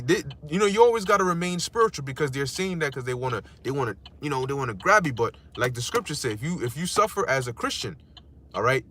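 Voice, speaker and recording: A man preaching a casual street-style sermon, animated and slangy, sometimes mocking other people's words. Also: breathy edge. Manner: animated, slangy, acts out insults in a squeaky mocking voice.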